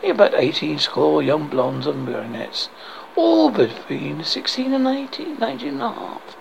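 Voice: mid-range voice, big pitch swings, normal speed, creaky, a little hiss or hum. A reader putting on a flirtatious castle maiden. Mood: coaxing. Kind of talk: amateur film-script reading. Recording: dull lo-fi recording.

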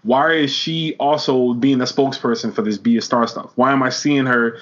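A man's voice: mid-range voice, fairly even intonation, normal speed. A man co-hosting a casual wrestling podcast, ranting in an exasperated, heated way. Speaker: podcast co-host. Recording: dull lo-fi audio.

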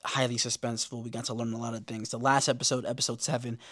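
A man's voice: mid-range voice, fast talker, dry recording, clean studio sound. Profane young-sounding man recapping a TV episode. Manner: casual, profane, animated when quoting characters. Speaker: podcast host.

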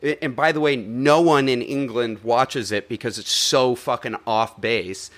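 A man with a mid-range voice talks about films in a lively, joking way, with casual swearing. The delivery is loose and conversational. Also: mid-range voice, measured pace. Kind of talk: casual film review chat.

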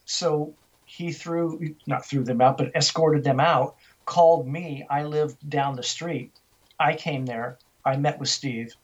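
A middle-aged man, an interview guest, telling a story in animated style and acting out the dialogue he quotes. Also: a little high, measured pace, husky. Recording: dull, lo-fi sound.

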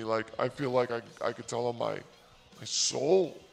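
A man hosting his own channel, telling a comic story in a rambling, self-mocking, deliberately naive way. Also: medium pitch, steady tone, vocal fry, soft background music. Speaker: comedic storyteller and channel host.

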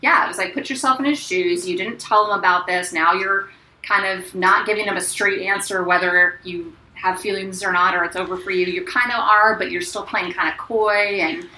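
A woman's voice: mid-range voice, moderate pace, bright, forceful tone, reverberant, rough recording. A woman co-hosting a casual book discussion, reflective and hesitant at times. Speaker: podcast co-host.

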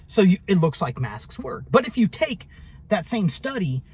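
Guy ranting on his vlog, kinda husky, voice jumps around a lot, sarcastic and rambly. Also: high-pitched, big pitch swings, normal speed. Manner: rambling, sarcastic, full of fillers and restarts. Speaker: vlogger. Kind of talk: casual storytelling monologue.

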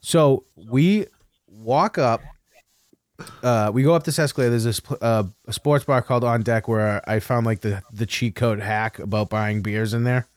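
A man's voice: medium pitch, moderate pace, smooth, dry recording. A man co-hosting a casual chat, telling rambling stories with frequent laughter. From New England. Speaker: podcast co-host.

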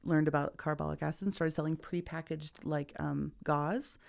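A woman's voice: deep voice, little pitch movement, normal speed, gravelly, darkish tone. A woman co-hosting a podcast, explaining facts in a chatty, casual way. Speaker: podcast co-host. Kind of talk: casual chat.

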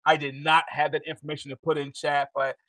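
A man hosting a live interview show, animated and quick to laugh, talking to his audience. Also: a little high, no echo, low-quality recording. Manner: animated, excitable, laughs often. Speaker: host.

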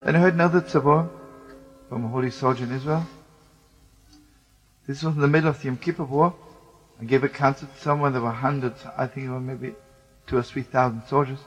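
A man telling a wartime story, swinging from loud outbursts to hushed speech, with Yiddish and Hebrew words. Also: mid-range voice, steady tone, a little fast, long pauses, dull audio, soft background music. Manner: emotional, shifts between loud exclamations and hushed speech.

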